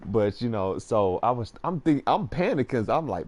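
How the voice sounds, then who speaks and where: A man's voice: medium pitch, normal speed. A young man casually telling a personal story, acting out the voices of the people in it. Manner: animated storyteller, acts out quoted voices.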